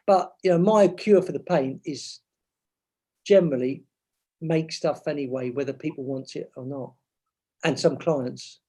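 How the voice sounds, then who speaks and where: Husky, warm-toned man, self-mocking. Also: on the high side, moderate pace. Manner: self-mocking, rambling, jokey asides. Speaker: author and advertising creative, guest. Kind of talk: chatty interview and rehearsed book reading.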